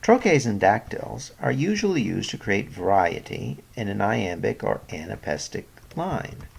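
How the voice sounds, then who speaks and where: Gravelly man giving a scripted poetry lesson. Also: lowish voice, sing-song, measured pace. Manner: clear explanatory delivery, stressing example words. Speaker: poetry teacher. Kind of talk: scripted educational narration.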